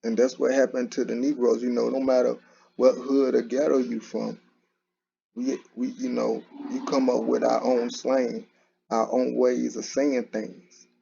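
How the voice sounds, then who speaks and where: A man hosting a commentary channel speaks a little slowly in a level, mid-range voice with a gravelly, dark tone. It's a casual, conversational monologue peppered with restarts and "you know." The dull lo-fi audio has a bit of hiss or hum.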